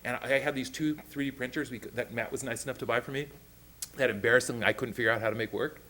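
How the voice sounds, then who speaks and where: A man's voice: mid-range voice, steady tone, rapid-fire, pushed and bright, slight background noise. A man telling an enthusiastic story at a school board meeting, acting out what people said. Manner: enthusiastic, acts out quotes in voices. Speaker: school program presenter.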